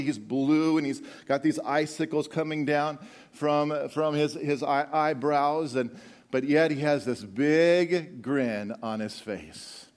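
A middle-aged man preaching a sermon, animated and joking with the congregation, often repeating words as he goes. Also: fairly high pitch. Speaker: pastor.

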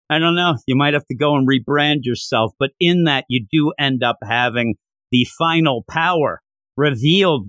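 Young male reviewer, chatty and excitable, higher voice, dry recording. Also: dry recording. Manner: chatty, excitable, laughs often. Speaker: comic book reviewer. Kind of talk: casual recap commentary.

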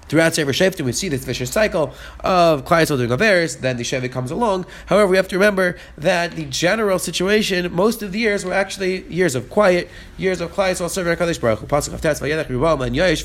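A man teaching a Torah lesson at a quick clip, with a voice sitting a little higher than most men's. He reads a verse in Hebrew, then explains it in English and goes over each point more than once.

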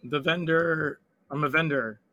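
A hoarse man with a sore throat, chatting and swearing excitedly while playing an online game with friends. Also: on the high side, a little slow, no room sound, muffled recording. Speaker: fellow player. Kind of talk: casual gaming chat.

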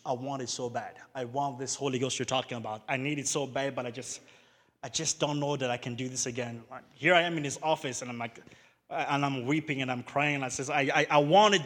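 A man preaching a sermon at a youth service, moving between hushed storytelling and loud exhortation. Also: mid-range voice, long reverb tail.

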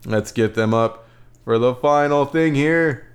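A man's voice: mid-range voice, measured pace. A man giving a casual, enthusiastic film review, rambling and repeating words as he compares movies.

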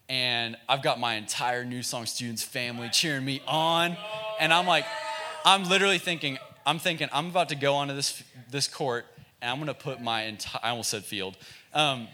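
A man with a bright, forceful voice tells a sermon story in a relaxed, self-mocking way. He talks like a youth pastor chatting with friends, loose and full of filler words. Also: mid-range voice, a little hiss or hum.

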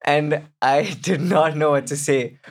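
A young man, a guest, telling a personal story in casual chat, animated and quoting others as he goes. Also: a little high, a little slow. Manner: animated, quotes others in acted voices.

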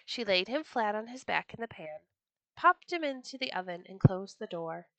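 A woman reading folk tales aloud for a storytelling podcast, expressive and lively. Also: mid-range voice, normal speed, no room sound.

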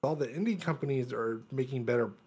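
A man's voice: medium pitch, quick pace, a little mellow, husky. A man co-hosting a casual podcast, sarcastic and emphatic as he weighs in with his opinions. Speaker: podcast co-host.

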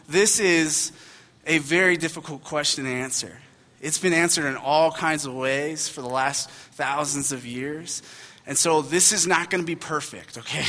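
A man's voice: fairly high pitch, sharp tone, big-room sound. A young man preaching a sermon as a pastor, talking in a casual, conversational storytelling way with frequent fillers. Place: church hall.

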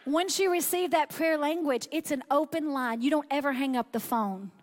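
A woman preaching a sermon with a bright, high voice. She talks in a loose, conversational way and acts out the doubting inner voices of her listeners. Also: normal speed.

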